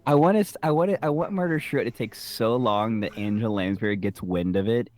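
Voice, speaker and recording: A man's voice: fairly low pitch, brisk, a little mellow. A man co-hosting a podcast, chatting casually and chiming in agreeably. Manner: agreeable, chiming in with short replies. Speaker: podcast co-host. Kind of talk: casual chat.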